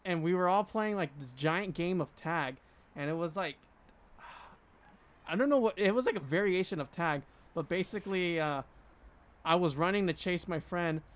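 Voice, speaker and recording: A man's voice: fairly high pitch, normal speed, fairly bright tone, clean tone. A young man co-hosting a podcast, asking questions casually and laughing often. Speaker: podcast co-host. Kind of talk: casual chat.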